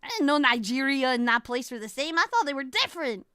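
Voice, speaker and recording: A woman streamer chats in a playful, giggly way. Her voice is high and bright, and she talks at an unhurried pace. The sound is dry and close to the mic. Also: big pitch swings, dry recording. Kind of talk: casual live-stream chat.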